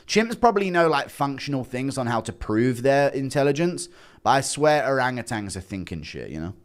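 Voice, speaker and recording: A young man hosting a livestream, chatting casually and swinging between loud bursts and low mumbles. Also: big pitch swings, normal speed. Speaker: livestream host.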